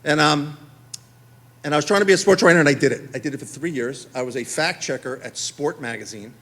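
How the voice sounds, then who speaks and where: A man doing live stand-up, telling a story in an animated, conversational way with asides to the crowd. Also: fairly high pitch, quick pace. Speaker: stand-up comedian. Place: theater stage.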